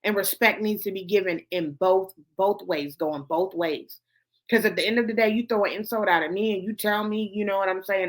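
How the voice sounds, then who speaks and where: Woman, gossip show host, blunt, heavy swearing, repetitive emphasis, medium pitch. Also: brisk. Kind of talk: ranting commentary to camera.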